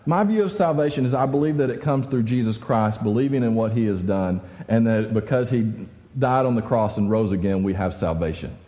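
A man's voice: medium pitch, mellow, in a large hall. A man giving a casual, conversational sermon as a pastor, talking with many fillers and restarts.

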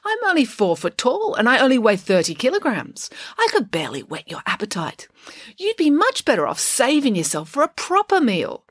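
A woman's voice: fairly high pitch, huge pitch swings, moderate pace, slightly rough, no room sound, clean studio sound, voice pushed up, full character voice. A woman doing a vain, clever little pig. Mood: persuasive. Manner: cheerfully boastful and persuasive. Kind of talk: storybook reading.

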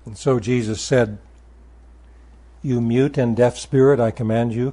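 A man's voice: medium pitch, fairly even intonation, normal speed, dark tone. A man preaching a sermon, reading scripture aloud and explaining it with emphatic stress on key words and occasional stammered restarts.

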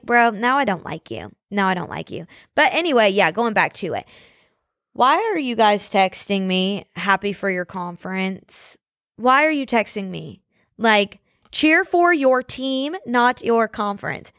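A woman's voice: mid-range voice, vocal fry, no echo, clean studio sound. A young woman hosting her own podcast, ranting in a sassy, casual way full of fillers. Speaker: podcast host. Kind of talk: solo podcast rant.

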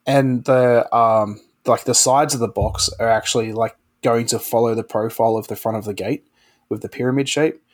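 Man, podcast host, casual rambling talk, mid pitch. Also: fairly even intonation, normal speed. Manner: rambling, many fillers. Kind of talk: casual chat.

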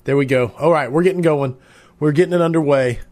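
A man's voice: fairly high pitch, fast talker, darkish tone. A man hosting a live-stream interview podcast, enthusiastic and chatty as he reads out viewer comments. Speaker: podcast host.

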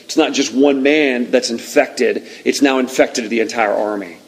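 A male pastor speaking in an everyday, chatty sermon voice at a middling pitch. He tells the story vividly, talking straight to his listeners as if across a table. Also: moderate pace, rough recording. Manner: conversational, animated storytelling that acts out the scene.

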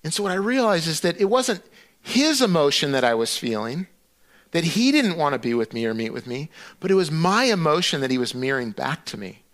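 A man's voice: a little high, big pitch swings, a little fast, a bit bright. A middle-aged male pastor preaching in a conversational way, acting out his own prayers to God with many restarts and fillers. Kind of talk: sermon.

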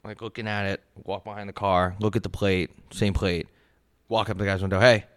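A man's voice: lowish voice, little pitch movement, fairly quick, no echo, studio quality. A young man co-hosting a podcast, telling a story casually, swearing freely, his voice jumping up when he gets heated. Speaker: podcast co-host.

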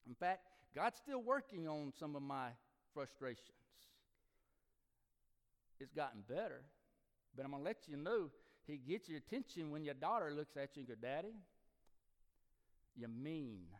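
A man's voice: on the high side, sing-song, normal speed. A middle-aged man preaching a sermon with passion, his voice swelling and dropping as he repeats phrases. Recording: long hall reverb.

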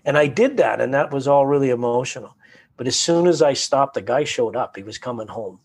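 A man telling a personal story in conversation, animated and acting out his own inner voice. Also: mid-range voice, brisk, slightly rough.

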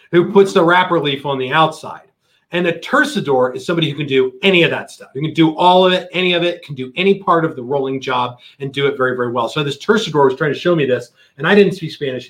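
A man hosting a casual chat show, telling stories in an animated way and acting out what people said. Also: fairly high pitch, quick pace. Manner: animated storyteller, acts out quotes loudly. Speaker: podcast host.

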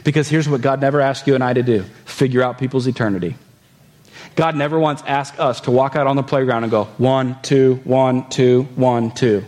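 A man's voice: mid-range voice, fast, darkish tone. A man preaching a sermon in a conversational way. He reads scripture aloud, explains it, and puts rhetorical questions to the congregation. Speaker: pastor.

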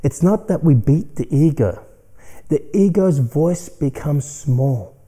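A man with a very dark, mellow voice delivers a spiritual self-help monologue as a podcast host. He sounds earnest and reflective, moving between quiet, near-whispered lines and firmer emphatic ones. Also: on the high side, expressive, takes it slowly, breathy edge.

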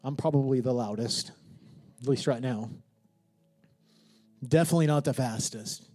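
A man preaching a sermon in church, joking with the congregation and swinging from hushed whispers to shouts. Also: medium pitch, normal speed, soft background music. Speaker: pastor.

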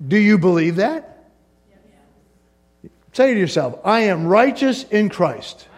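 A man preaching a sermon as pastor, animated, acting out the voices of doubting listeners. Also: high-pitched, slow pace.

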